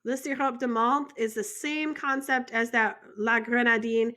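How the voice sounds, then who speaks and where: A woman's voice: a little high, fairly even intonation, a little slow, bright, forceful tone. An American woman teaching a French vocabulary lesson in a chatty way, joking and asking the viewer questions. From United States.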